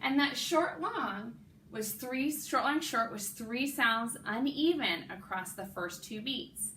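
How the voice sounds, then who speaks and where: In a classroom with a board, a woman music teacher sings rhythm syllables and explains them to children in a warm, coaxing teacher voice. Her voice is slightly high, animated and slow, and the echoey room carries a little hiss or hum.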